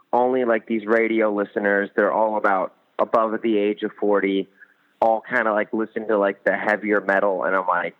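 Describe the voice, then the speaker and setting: A young man, a band's musician, chatting casually in an interview, rambling with lots of fillers. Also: on the low side. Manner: rambling, many fillers, enthusiastic. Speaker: band musician, guest. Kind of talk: casual interview over phone. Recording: tinny phone line.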